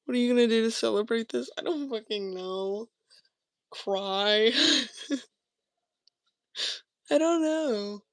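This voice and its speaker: This crafting vlogger, a young woman, talks to viewers in a chatty, self-talking way and keeps dropping into a mumble. She speaks unhurriedly in a voice on the high side, and there's no room sound.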